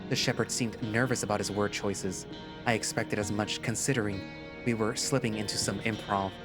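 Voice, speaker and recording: A man narrating a first-person story in a lively storytelling manner. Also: on the low side, normal speed. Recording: music playing behind.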